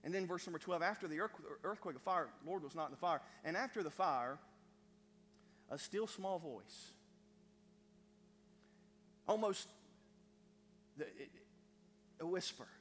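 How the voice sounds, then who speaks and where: A man preaching a sermon to a congregation, stammering over repeated words and building to loud emphatic peaks. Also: on the high side, a little fast. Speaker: pastor. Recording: long hall reverb.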